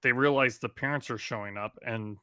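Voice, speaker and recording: A man's voice: mid-range voice, fairly quick, bright, forceful tone, clear, resonant tone, no room sound. A young man co-hosting a casual film discussion, easygoing and laughing along as he recalls scenes. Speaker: podcast co-host.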